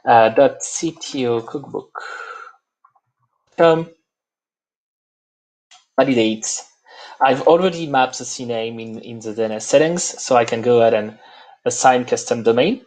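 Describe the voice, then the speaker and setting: A man with a French accent, a native French speaker, walking through a live software demo and pausing often on "uh". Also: mid-range voice. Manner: halting, many "uh" fillers. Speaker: presenter.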